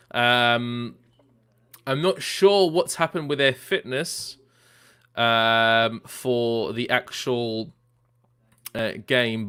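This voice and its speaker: A man's voice: mid-range voice, fairly bright tone, smooth. A man hosting a football watchalong live stream, chatting casually and reading out viewer comments with lots of fillers. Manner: chatty, many fillers, reads out names and predictions. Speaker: livestream watchalong host.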